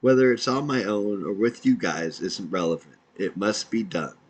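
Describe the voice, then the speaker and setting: A man's voice: on the low side, normal speed, husky, rough recording. A man, an independent podcaster, reading out his own messages in a dry, matter-of-fact way.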